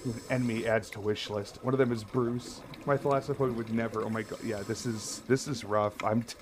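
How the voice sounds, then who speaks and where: A man streaming a horror game, commentating live and often yelling and swearing in panic. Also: medium pitch, steady tone, a little fast, background noise.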